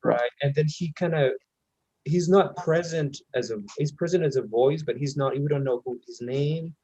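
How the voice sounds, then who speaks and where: A man's voice: fairly high pitch, moderate pace, dark tone, slightly rough, lo-fi sound. A man leading a casual book discussion, often checking in with tag questions like "right?".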